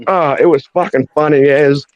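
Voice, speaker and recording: A man's voice: on the high side, steady tone, normal speed, highs cut off. A man, co-hosting a casual chat and telling a rowdy story laced with swearing. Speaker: co-host.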